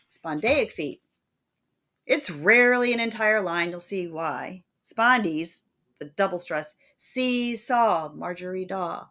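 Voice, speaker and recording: Woman, lecturer: clear, explanatory teaching read with a sing-song rhythm on the verse examples. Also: lowish voice, normal speed, fairly bright tone. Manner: plain explanatory delivery. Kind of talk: recorded lecture.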